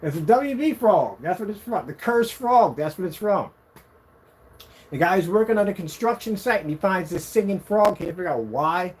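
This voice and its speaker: Excited, rambling man with a lively voice. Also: normal speed, breathy edge. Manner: excited, rambling, boasting about his product; sings snatches of a tune in a high voice. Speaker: product demonstrator. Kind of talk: casual demo vlog.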